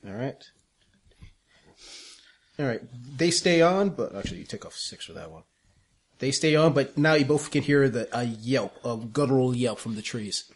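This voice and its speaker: A man's voice: medium pitch, animated, normal speed, pauses often, husky. A man acting as game master for a tabletop game. He talks casually, laughs often and swears freely.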